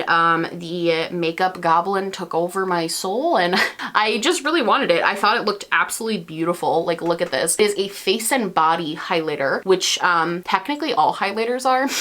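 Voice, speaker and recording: A woman's voice: medium pitch, fairly bright tone. Chatty, rambling young woman beauty vlogger. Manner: chatty, rambling, self-mocking. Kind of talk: casual makeup tutorial chat.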